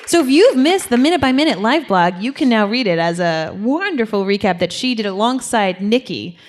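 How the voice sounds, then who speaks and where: Lively, playful woman co-host. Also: a little high, brisk. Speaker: podcast co-host. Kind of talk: live podcast chat before an audience. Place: hotel event room.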